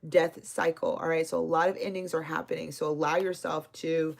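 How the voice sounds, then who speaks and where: A woman with a low, gravelly voice reads tarot cards live for her viewers. She talks casually and affectionately, calling people "my love," slipping into slang and the odd cuss word. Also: little pitch movement, brisk. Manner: reads viewer names and answers comments. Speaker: tarot reader. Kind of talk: live-stream tarot reading.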